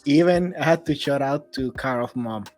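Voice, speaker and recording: A man hosting a podcast, talking fast and excitedly in a casual chat. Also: mid-range voice, no room sound, soft background music. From Latin America. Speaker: podcast host.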